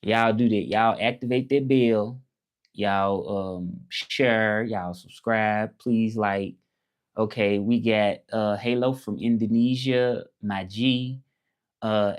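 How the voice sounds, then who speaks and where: A livestream host with a Southern accent, from Memphis, talks slowly in a fairly low voice. He chats casually and greets viewers while sitting indoors at his laptop.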